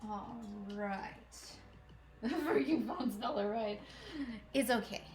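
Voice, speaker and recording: A woman's voice: on the high side, slow, darkish tone. A woman hosting a crafting livestream, chatting casually and giggling while she sorts thread at home, talking to herself and her cat. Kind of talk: casual chat while working. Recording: echoey room, faint music.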